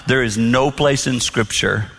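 A man giving a marriage talk to an audience, telling stories and acting out dialogue in soft voices. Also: mid-range voice, unhurried, gravelly, slight background noise. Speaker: marriage speaker.

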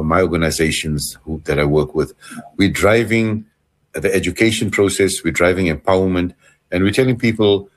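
A man speaking as a community organizer guest on a panel, earnest and urging in his appeals. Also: sits low. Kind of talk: panel discussion.

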